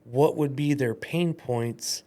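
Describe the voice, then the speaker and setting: A man talking casually on a podcast, telling animated stories and acting out quoted voices. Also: mid-range voice, slow.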